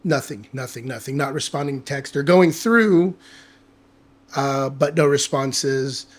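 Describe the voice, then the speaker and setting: Speaking at a measured pace with a medium pitch, a male podcast guest shares a personal story in casual conversation. He's open and animated, curses freely, and performs the lines he quotes.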